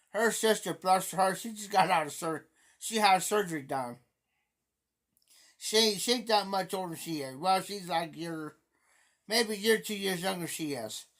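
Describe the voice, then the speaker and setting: A man's voice: sits high, normal speed, a bit bright. A middle-aged man live-streaming, telling a casual story in a rambling way that keeps circling back and repeating itself. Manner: rambling, repeats himself often.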